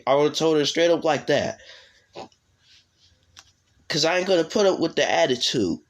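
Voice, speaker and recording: Male co-host, blunt and indignant, casual, a bit high-pitched. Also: animated, moderate pace, long pauses. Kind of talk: casual reaction chat.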